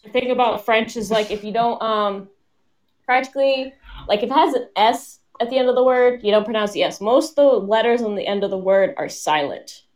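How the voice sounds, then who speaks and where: A woman's voice: fairly high pitch, brisk, a little mellow. A woman from the United States, a guest on a casual live chat, talking in a rambling way with many fillers. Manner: chatty, rambling, filler-heavy.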